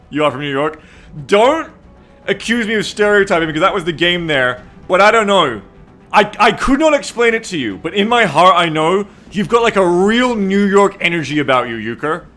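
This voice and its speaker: A man's voice: high-pitched, animated, moderate pace, a bit bright, faint music behind. A man streaming a strategy game, chatting casually with viewers and reading their messages aloud in a playful, teasing way, laughing often.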